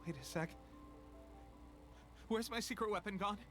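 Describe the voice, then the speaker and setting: An actor playing a weakened young soldier in a video game who coughs and speaks in an earnest, halting way. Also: male voice, sits high, sharp tone, faint music behind. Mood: weary. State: weak, coughing.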